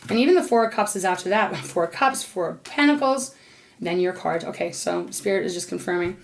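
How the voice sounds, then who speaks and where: A woman's voice: on the low side, animated, fairly quick, creaky, slight background noise. A woman giving an unscripted tarot card reading, speaking earnestly straight to her listener. She grows emotional and protective as she talks, and now and then drops a casual swear word. Between cards she speaks aloud to Spirit. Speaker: tarot reader.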